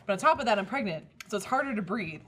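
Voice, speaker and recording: A woman's voice: mid-range voice, expressive, fast talker, a bit bright, husky. A woman chatting candidly on a podcast, often laughing as she talks. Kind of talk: casual chat.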